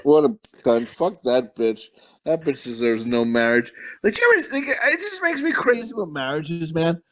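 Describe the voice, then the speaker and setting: A man's voice: on the high side, very animated, normal speed. A man co-hosting a podcast, ranting bluntly and swearing constantly in casual chat. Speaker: podcast co-host.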